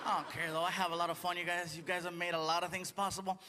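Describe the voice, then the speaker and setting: A male stand-up comedian performing on a large theater stage, chatty and animated as he acts out voices. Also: high voice, rapid-fire, big-room sound. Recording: live theater with crowd noise.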